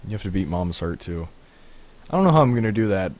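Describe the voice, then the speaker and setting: A man's voice: low voice, big pitch swings, quick pace. A man co-hosting a podcast, explaining game mechanics in a chatty, rambling way. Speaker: podcast co-host. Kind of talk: casual gaming chat.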